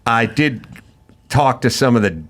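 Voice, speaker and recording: A middle-aged man hosting a podcast, telling animated stories in casual chat and swearing freely. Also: medium pitch, a little slow. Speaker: podcast host.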